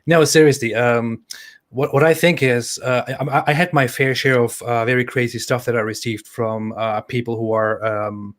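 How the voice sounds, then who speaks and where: A man hosting a casual live-stream discussion, speaking haltingly with many fillers and restarts. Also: mid-range voice, fairly even intonation.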